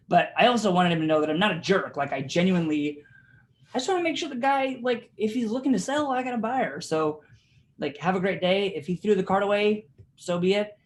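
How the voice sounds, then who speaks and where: This man's voice sits fairly high, with slight background noise on the video call, as he leads a relaxed real estate training session. Informal and talkative, he uses lots of fillers and laughs through his stories.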